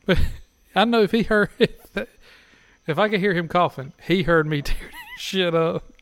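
A man's voice: high voice, expressive, moderate pace, a bit bright. A man, a podcast guest, telling crude stories in casual chat and often laughing as he talks.

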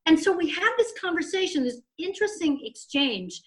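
Bright, high-voiced woman telling a story. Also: moderate pace, few pauses. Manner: profane, animated, snarky. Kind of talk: casual storytelling chat.

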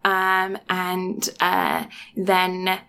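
A woman's voice: fairly low pitch, monotone, drawn-out words, sharp tone, clear, resonant tone. A woman in casual chat, retelling an episode at length with many ums and restarts.

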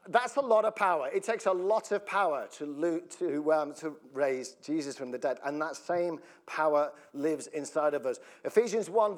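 A man preaching a sermon as pastor, chatty and joking, often laughing and asking the congregation questions. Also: sits high. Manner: jokey, laughs often, breaks up mid-sentence; conversational, asks the congregation questions.

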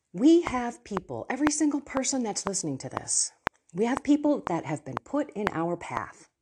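A woman with a slightly high voice hosts a Catholic podcast, sharing personal faith stories earnestly and with animation. She laughs and drops in asides, and background noise is audible.

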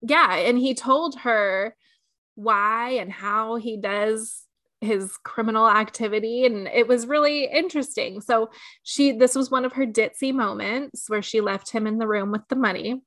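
A woman's voice: fairly high pitch, measured pace, a bit bright, no echo. A woman co-hosting a podcast in casual chat, retelling scenes and laughing often. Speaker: podcast co-host.

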